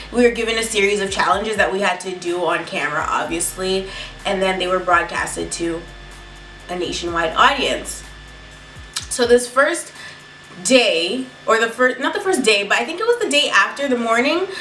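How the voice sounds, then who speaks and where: A woman telling a story in a casual, animated and profane way. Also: mid-range voice. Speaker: beauty vlogger telling a story. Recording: echoey room, mic at a distance.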